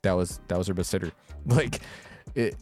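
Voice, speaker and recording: Low-voiced man ranting about sports. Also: moderate pace, a little mellow, faint music behind. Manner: rambling, frustrated sports rant with fillers. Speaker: podcast co-host. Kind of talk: casual chat.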